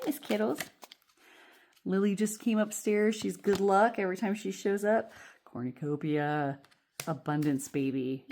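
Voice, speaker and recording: A woman's voice: fairly low pitch, a little mellow. A woman giving a casual pick-a-card tarot reading at home, chatty and reassuring, often checking in with "okay?" and laughing as she talks, recorded on a phone. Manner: laughs often while talking. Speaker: tarot reader. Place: home room. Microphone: phone camera.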